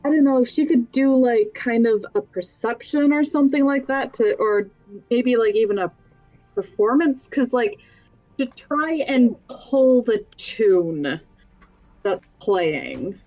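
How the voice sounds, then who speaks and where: A woman's voice: fairly high pitch, lively intonation, slow pace, mellow, muffled recording, faint music behind. A young woman playing a tabletop game, speaking hesitantly and thoughtfully. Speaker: player.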